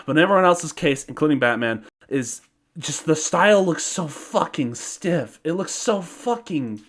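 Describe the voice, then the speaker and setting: A man's voice: on the high side, lively intonation, normal speed, fairly bright tone. Profane, exasperated man ranting. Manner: profane, exasperated, breaks into laughter. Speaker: video reviewer. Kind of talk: casual ranting commentary.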